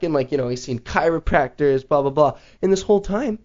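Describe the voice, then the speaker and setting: A man hosting a show, telling a story in casual chat, rambling with lots of "like" and an animated manner. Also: on the high side, a little fast. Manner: rambling, heavy use of "like", animated retelling. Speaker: podcast host. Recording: slightly dull lo-fi audio.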